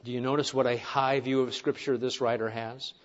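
A man's voice: medium pitch, level tone, a little fast, dull audio. A man preaching a sermon to his congregation, earnest, with rhetorical questions and wry asides. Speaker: pastor.

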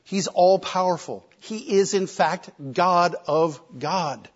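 A man preaching a sermon, emphatic, with rhetorical questions and shifting loudness. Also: sits high, slow. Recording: slightly dull lo-fi recording.

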